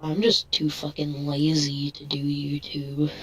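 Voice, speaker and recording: A man's voice: a little high, unhurried, slightly rough, low-quality recording. A man chatting casually on an online voice call, crude and sarcastic. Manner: crude, sarcastic, flat delivery. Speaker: guest.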